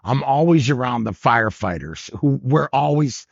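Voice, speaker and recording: An older man with a rough, husky voice tells stories in a relaxed chat and laughs a lot. He jumps into loud high-pitched voices whenever he quotes someone. The sound is dry and slightly muffled. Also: normal speed, dry recording. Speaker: guest comedian. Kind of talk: storytelling in casual chat.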